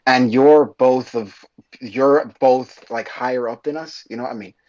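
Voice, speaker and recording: A man's voice: mid-range voice, unhurried. A man co-hosting a casual podcast chat, telling stories animatedly and laughing along. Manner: animated storyteller, laughs between lines. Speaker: podcast co-host. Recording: muffled podcast audio.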